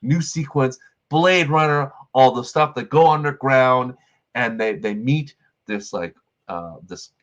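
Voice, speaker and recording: A man's voice: medium pitch, a little slow, a bit bright, muffled recording. A man hosting a review show, rambling through a casual film recap full of "like" fillers. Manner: rambling, filler-heavy retelling with lots of "like". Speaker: movie review show host.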